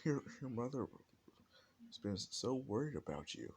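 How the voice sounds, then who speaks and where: A man voicing a friendly police officer in a casual, polite manner with a lifted pitch. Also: very animated, moderate pace, darkish tone, husky. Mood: surprised.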